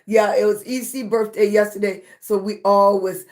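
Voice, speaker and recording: A woman hosting a casual livestream chat with viewers. Her voice is slightly raspy, and she talks slowly and affectionately, sometimes short of breath. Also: mid-range voice, little pitch movement. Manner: slow, breathy, affectionate, calls viewers baby. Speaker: livestream host.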